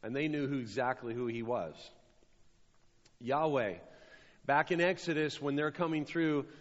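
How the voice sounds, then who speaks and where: A man's voice: mid-range voice, measured pace. Preaching man in an echoing hall. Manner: preaching with rising emphasis and repeated phrases. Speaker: pastor. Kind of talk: sermon. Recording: dull sound with long hall reverb.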